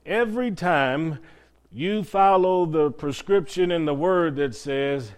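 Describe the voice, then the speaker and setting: A man with a slightly high voice preaches a sermon. He puts rhetorical questions to the congregation and draws out key words for weight, slowing down to press each point home. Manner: preaching with rhetorical questions, drawn-out emphatic phrases. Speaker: pastor.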